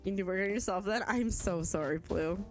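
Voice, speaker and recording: A young Canadian woman with a mid-range, fairly quick voice chats casually while streaming a game, soft music playing behind her. She rambles, reads chat messages aloud, and laughs often.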